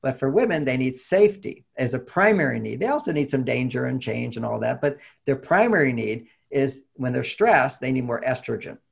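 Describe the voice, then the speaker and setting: A middle-aged man, a therapist, telling a personal story in a lively way and acting out the lines of the people in it. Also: mid-range voice, brisk, vocal fry, hardly any pauses, slightly rough. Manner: animated storytelling, acting out quotes. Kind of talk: storytelling talk.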